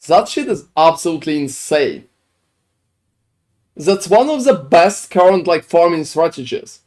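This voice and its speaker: A man's voice: on the high side, very animated, a little slow, a little mellow. A man with a French accent, streaming a game and chatting casually with his viewers, rambling with lots of fillers. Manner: chatty, answers chat with filler-heavy rambling. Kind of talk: casual live-stream chat while gaming.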